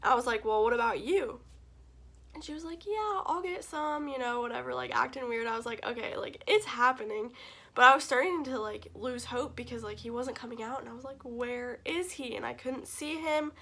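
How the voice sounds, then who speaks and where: A woman's voice: fairly high pitch, fairly quick, vocal fry, bright, forceful tone. Emotional, gushing young woman vlogger. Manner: gushing, emotional, many fillers. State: tearful. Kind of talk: casual storytelling to camera.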